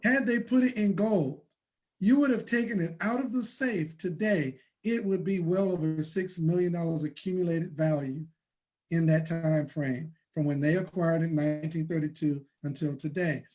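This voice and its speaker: A man hosting a motivational money talk, preaching and building to shouts. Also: a little high, normal speed. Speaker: host.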